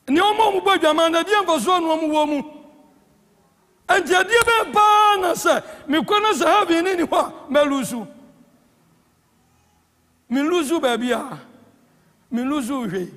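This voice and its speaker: A man with a Ghanaian accent preaching a sermon as presiding elder, swinging between impassioned shouts and hushed tones. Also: very high-pitched, moderate pace, pauses often. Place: church hall. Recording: church hall with long reverb.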